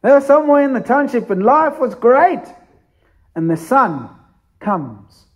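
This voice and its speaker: Slow, high-voiced pastor. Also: male voice, very animated, breathy edge. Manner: emphatic storytelling, repetitive. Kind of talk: sermon.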